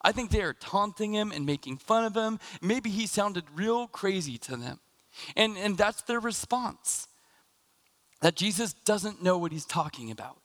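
Male pastor, thirties, slightly high voice, casual halting sermon, lots of ums and restarts. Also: expressive, a bit bright. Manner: halting, many fillers and restarts, chatty storytelling.

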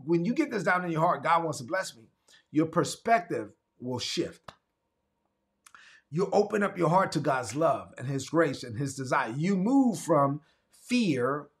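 A man from Brooklyn preaching an emphatic livestreamed sermon, repeating refrains and asking viewers to write in the chat. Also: a little high. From Brooklyn, New York. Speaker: pastor.

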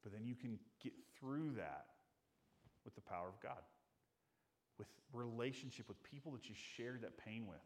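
A man's voice: mid-range voice, animated, moderate pace. Earnest conversational male pastor. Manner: earnest, conversational preaching, acting out quoted voices. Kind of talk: sermon.

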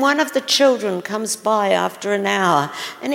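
A woman's voice: medium pitch, a little slow, gravelly, few pauses. A woman preacher telling stories in a sermon, full of exclamations and questions to her listeners. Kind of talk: sermon storytelling. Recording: long reverb of a large hall.

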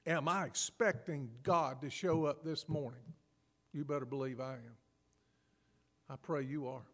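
A man preaching a sermon as pastor, animated and acting out scripture scenes with laughs. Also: a little high, a little slow, vocal fry, long reverb tail.

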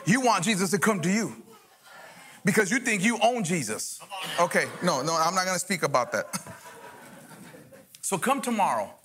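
A man's voice: high-pitched, lively intonation, normal speed, pauses often, fairly bright tone, a little hiss or hum. A man, a guest pastor, mixing joking asides with fervent preaching in a church sermon.

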